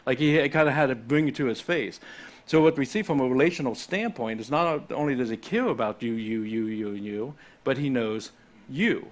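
A man's voice: medium pitch, fairly quick. Man teaching a conversational sermon. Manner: conversational, animated, with frequent restarts. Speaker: pastor.

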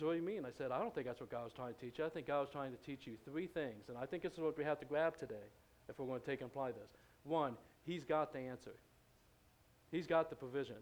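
A man's voice: medium pitch, fast talker. A man preaching in a church, telling a story in a loose, conversational way, with many fillers and restarts. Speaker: pastor. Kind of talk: storytelling sermon.

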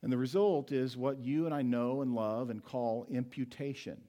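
A mid-range, mellow male voice, heard through dull audio, belongs to a pastor giving a sermon. He quizzes the congregation, then answers his own questions, easing his pace to stress particular words.

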